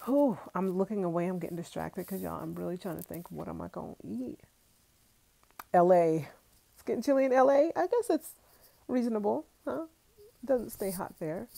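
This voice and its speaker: A woman's voice: on the low side, creaky, warm tone. A young woman from Brooklyn, chatting casually on a livestream, reading viewer comments and laughing often. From Brooklyn, New York. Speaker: vlogger on a livestream.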